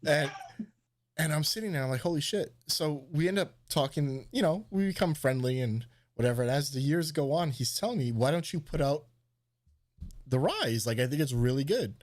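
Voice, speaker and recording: A man's voice: on the high side, moderate pace. A man hosting a live stream, casually telling a story, swearing freely and acting out what people said in a raised voice. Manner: animated, swearing, acts out quotes in a raised voice. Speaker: host.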